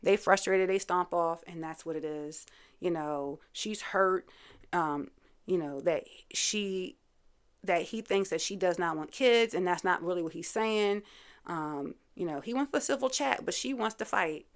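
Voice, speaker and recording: A woman with a low-leaning, unhurried voice hosts a casual reality TV recap. She's chatty and opinionated, filling her talk with asides and lots of "you know."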